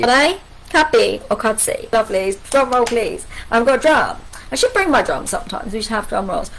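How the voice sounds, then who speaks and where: A middle-aged woman leads a live angel card reading, her voice pitched a little high and rising and falling with lively energy. She keeps firing off rhetorical questions and friendly asides as she talks straight to her viewers. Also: poor audio. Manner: animated, repeats rhetorical questions, chatty asides.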